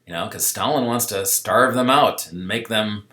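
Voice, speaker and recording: A man teaching a history lesson over a map in a loose, conversational way, often checking in with "okay?" and acting out historical figures in quick quoted asides. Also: lowish voice, bright, forceful tone. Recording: echoey room.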